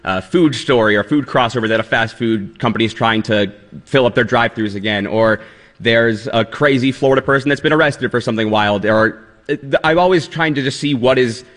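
A man's voice: medium pitch, brisk, a bit bright, big-room sound. A man running a quiz segment on a radio show, explaining casually with fillers and restarts. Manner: chatty, explaining with many fillers.

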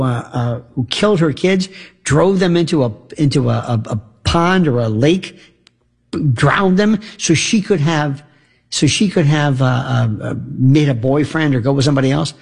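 A male radio talk host in an opinionated monologue, rhetorical and animated, acting out imagined back-and-forth dialogue. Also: on the high side, creaky, breathy edge.

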